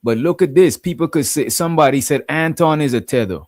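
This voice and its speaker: A man's voice: on the high side, brisk, darkish tone, no room sound. Guy rambling on his stream, dead dry sound, keeps saying you know what i'm saying. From Guyana. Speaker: streamer host. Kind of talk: casual live-stream chat.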